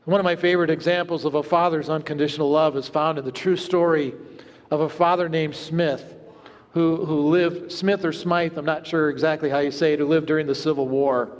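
A man preaching a sermon in a church, earnest and storytelling, dropping to hushed low tones at moments. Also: steady tone, brisk, big-room sound. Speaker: pastor. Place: church sanctuary.

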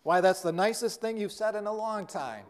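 A man voicing a calm, unhurried old farmer father in a sermon story, speaking gently and softly. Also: high voice, lightly acted.

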